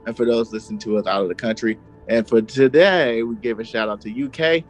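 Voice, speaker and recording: A man's voice: mid-range voice, fairly quick, faint music behind, rough recording. Laid-back podcast co-host man. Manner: laid-back, laughing, slangy. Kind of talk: casual chat.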